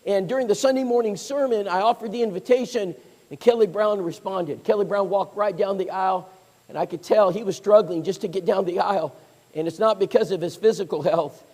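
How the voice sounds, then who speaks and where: High-voiced preacher, animated storyteller. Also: male voice, brisk. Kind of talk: storytelling sermon. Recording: long hall reverb.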